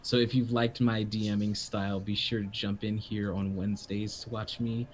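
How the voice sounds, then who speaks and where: Low-voiced enthusiastic male game master. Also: flat delivery, moderate pace, a little hiss or hum. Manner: enthusiastic, rambling plugs. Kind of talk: casual stream chat.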